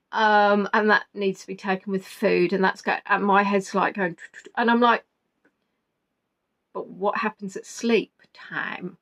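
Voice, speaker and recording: A woman vlogger telling a story casually and emotionally, rambling and flustered, quoting what others said. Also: medium pitch. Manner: rambling, flustered retelling with quoted dialogue.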